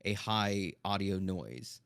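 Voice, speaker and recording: A man talking casually on a podcast in a low, projecting chest voice, keeping a calm, even, near-monotone delivery. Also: slow, clean tone, dry recording. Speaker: streamer guest. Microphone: dynamic studio microphone.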